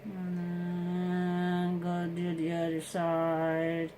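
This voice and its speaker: Slow-talking, low-voiced woman doing a makeup tutorial. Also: monotone, mellow, a little hiss or hum, poor audio. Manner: chatty and self-deprecating, talks through each step. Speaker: beauty vlogger.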